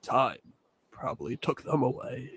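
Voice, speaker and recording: A man's voice: medium pitch, sing-song, unhurried, fairly bright tone, slight background noise. A man voicing a scheming old freight truck in a fan animation, telling its tale in a grim storytelling manner.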